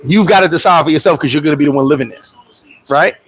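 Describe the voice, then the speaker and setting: A man hosting a casual livestream, telling stories in a profane, animated way, with loud outbursts, and answering viewer comments. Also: on the high side, fast, breathy edge, low-quality recording. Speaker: livestream host.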